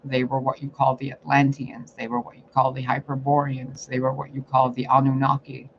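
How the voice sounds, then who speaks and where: In a mid-range, creaky voice with a completely flat delivery, a man speaks a little fast as he unleashes a profane, confrontational spiritual monologue in the role of a psychic reader. Faint noise sits under the muffled, lo-fi sound.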